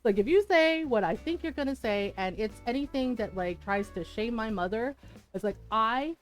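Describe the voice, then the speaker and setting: A woman streamer chatting casually while playing a game, frank and quick to laugh, swearing freely and acting out the people in her stories. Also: fairly high pitch, expressive, a little mellow, faint music behind. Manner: frank, swears freely, laughs often, retells dialogue animatedly. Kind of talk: casual chat while gaming.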